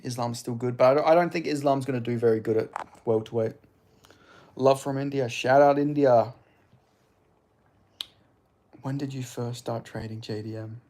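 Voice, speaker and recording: A young Australian man with a mild Australian accent, answering chat in a relaxed, casual livestream and swearing freely. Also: medium pitch, normal speed, long pauses. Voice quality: laid-back, swears casually.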